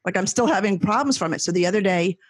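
A middle-aged woman, a guest in a casual chat, telling rambling, animated stories and laughing often. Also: medium pitch, quick pace, dry recording.

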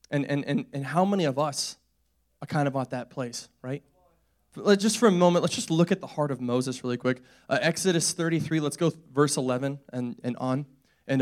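A man's voice: medium pitch, a little mellow. A young man preaching a sermon in a conversational, storytelling way, with joking asides and quoted voices. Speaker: pastor.

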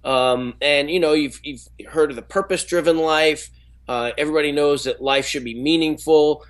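A man's voice: a little high, fairly even intonation, normal speed. A middle-aged man who is an actor and speaker, telling stories in a rambling, casual way, full of restarts and fillers. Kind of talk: casual interview talk.

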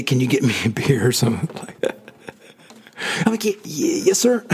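A man's voice: mid-range voice, vocal fry, darkish tone, breathy edge. A man telling an emotional personal story in a casual way, acting out quotes and laughing often. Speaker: storyteller recalling his music past.

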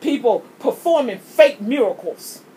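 A woman's voice: a little high, animated, measured pace, mellow, husky. A woman preaching, often repeating words as she builds a point. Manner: impassioned, preachy, repeats words when starting a thought. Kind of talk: sermon.

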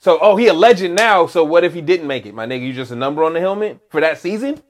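A man with a notably high-pitched speaking voice co-hosts a sports podcast, talking in a loose, casual way. He rants with heavy emphasis and a lot of swearing, pressing his points hard. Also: fast talker. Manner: animated, profane, emphatic ranting. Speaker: podcast co-host.

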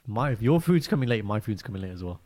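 A man chatting casually as a podcast co-host, telling stories and acting out quotes in lively voices. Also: on the low side, fast. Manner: animated storyteller, acts out quotes. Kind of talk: casual chat.

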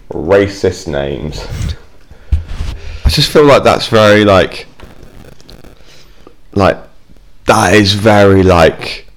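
A man co-hosting a podcast, chatting loosely and crudely with plenty of swearing. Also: deep voice. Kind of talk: casual chat.

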